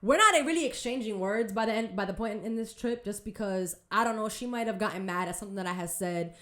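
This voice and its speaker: A young woman, hosting a podcast and telling a story in a casual, animated way, full of slang and swearing. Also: medium pitch, fast, echoey room. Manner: animated, swearing, slangy retelling with acted quotes. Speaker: podcast host.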